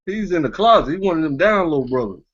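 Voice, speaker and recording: Animated man in mocking casual commentary. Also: on the high side, fast talker, muffled recording. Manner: mocking, laughs often, loose street slang. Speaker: commentary show host.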